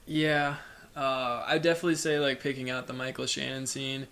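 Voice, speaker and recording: Male podcast co-host, even and level delivery, thoughtful casual film talk. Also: medium pitch. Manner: measured, hesitant, many fillers. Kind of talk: casual film review chat. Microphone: podcast microphone.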